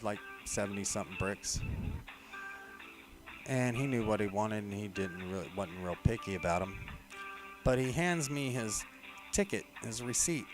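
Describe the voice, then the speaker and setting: A man's voice: on the low side, rough recording. Rambling man telling work stories. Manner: rambling, frequent fillers. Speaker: live streamer. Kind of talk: casual storytelling.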